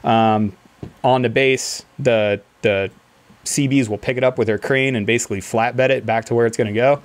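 A man's voice: mid-range voice, moderate pace. Guy telling a story to the bros, laughing a lot, does little voices for the other guys. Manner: animated, laughs often, acts out other people's lines. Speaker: podcast co-host telling a military story. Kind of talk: casual storytelling among friends. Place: indoor team room.

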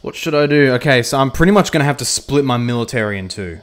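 A man's voice: mid-range voice, animated, fast, slight background noise. A man casually talking through a strategy game on a livestream, thinking aloud with frequent ums and reading chat messages aloud. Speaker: livestream gamer.

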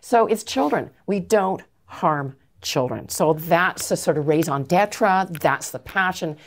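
A middle-aged Canadian woman with a low voice tells her story with passion and emphasis. She is a guest in an interview, speaking earnestly about her work. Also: expressive, unhurried, slight background noise. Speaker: anti-trafficking advocate, guest.

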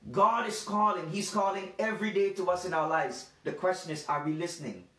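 A man preaching a devotional sermon, stressing phrases slowly and repeating them for emphasis. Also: sits high, fairly bright tone. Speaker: pastor. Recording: roomy sound from a distant mic.

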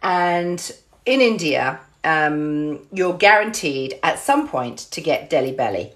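A woman's voice: sits low, expressive, takes it slowly, a bit bright. A woman telling a story to her camera in a chatty, casual way, often repeating words and describing things with gestures. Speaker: vlogger.

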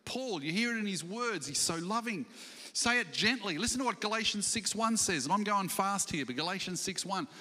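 High, bright-voiced pastor preaching in a hall. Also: male voice, fairly quick. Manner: animated, acts out scripture stories, asks the congregation questions. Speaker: senior pastor. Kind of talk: sermon. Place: church hall. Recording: church livestream with long hall reverb.

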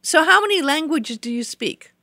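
An American woman hosts a talk show and meets each of her guest's answers with exclamations of amazement. Her pitch swoops a lot and sits a little high. The sound is dry and close. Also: lively intonation, normal speed, sharp tone, no echo. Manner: effusive, many exclamations. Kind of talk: casual interview.

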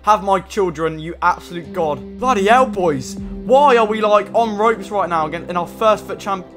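A young man giving casual, excitable commentary on his own football video game match, groaning and shouting at the play. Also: high-pitched, normal speed, over music. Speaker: gaming YouTuber.

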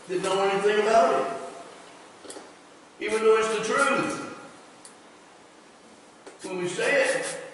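A man's voice: high-pitched, fairly bright tone, a little hiss or hum. A man preaching at a church revival, telling folksy stories in rural grammar and laughing as he goes. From United States. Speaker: pastor. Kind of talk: revival sermon. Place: church sanctuary. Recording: echoey church hall from far off.

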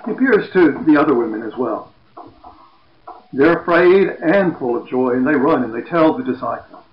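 A man retelling a Bible story as a lesson, in a plain storytelling voice that goes quiet for quoted speech. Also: medium pitch, lively intonation, normal speed. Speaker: Bible teacher. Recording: echoey, dull lo-fi room.

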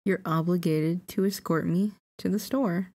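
A woman's voice: fairly low pitch, steady tone, measured pace, warm tone. A woman reading the lines of a cocky, moody young boy in a game, smug and lecturing.

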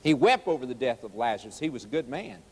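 A man's voice: medium pitch, very animated, quick pace, a little mellow, slightly rough, big-room sound. A man preaching a sermon, quoting scripture aloud and asking his listeners rhetorical questions with emphatic force. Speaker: evangelist.

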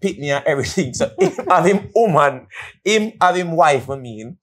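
A man with a Jamaican accent co-hosts a casual podcast, his voice sitting a little high. He tells stories in patois with swearing, teasing his partner along the way. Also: lively intonation, normal speed. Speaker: podcast co-host. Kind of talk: casual chat.

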